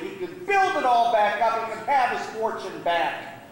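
A man's voice: high voice, sing-song, normal speed, recorded from a distance, slight background noise. A man, a guest preacher, telling a sermon story with dramatic, varied delivery in a church sanctuary. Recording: echoey church hall.

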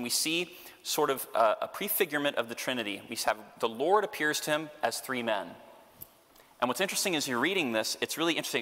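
Male priest teaching Bible class, humorous and animated, bright voice, reverberant hall sound. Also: mid-range voice. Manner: animated, chuckling, humorous asides. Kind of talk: Bible study lecture.

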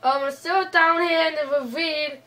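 A woman's voice: high voice, fairly even intonation, normal speed, sharp tone, recorded from a distance, rough recording. A woman hosting and playing her part in a casual game role-play, hesitant, with frequent restarts and playful groaning. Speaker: host and role-player.

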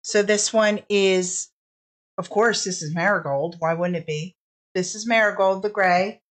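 Woman, casual off-camera helper, slow and matter-of-fact. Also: medium pitch. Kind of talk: casual live-stream chat.

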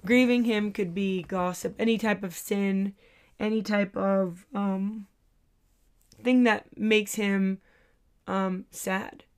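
Slow, earnest woman teaching faith. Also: mid-range voice, steady tone, clear, resonant tone. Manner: earnest, hesitant, many filler sounds. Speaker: Christian teacher. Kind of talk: devotional teaching talk.

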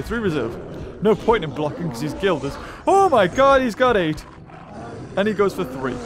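Male gamer, high-pitched, excitable play-by-play, game music behind. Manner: excitable, thinking aloud, bursts of high-pitched shouts. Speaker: gaming YouTuber. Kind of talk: game commentary.

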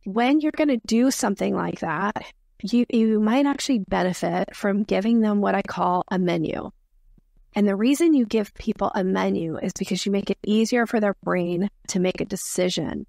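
A woman speaks as a sales expert in a podcast interview, her voice carrying a slightly gravelly fry. She explains with lively bits of acted-out client dialogue. The sound is dry and close, with no room around it. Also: medium pitch, normal speed, dry recording. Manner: energetic, explains with role-played sales dialogue.

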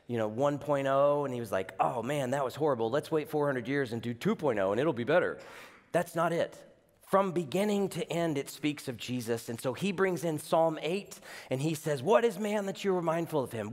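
A man preaching a sermon as a pastor, animated, with playful asides and voiced quotes. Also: on the high side, long reverb tail.

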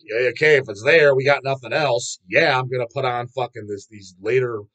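A middle-aged man hosting a podcast, ranting casually in a profane, opinionated and animated way. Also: medium pitch. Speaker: podcast host. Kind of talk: casual rant.

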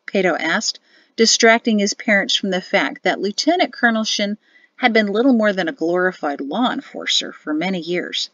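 A woman's voice: mid-range voice, animated, moderate pace, fairly bright tone, no room sound, muffled recording. Woman narrating an audiobook, dry sound. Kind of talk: scripted narration.

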